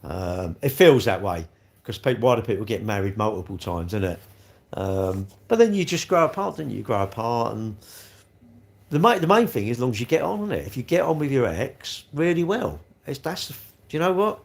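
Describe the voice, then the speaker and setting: A man's voice: medium pitch, sing-song, fairly quick, creaky. A man, chatting casually on a live stream, rambling with tag questions and calling viewers mate. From London. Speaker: livestream host. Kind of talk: casual live chat reading comments.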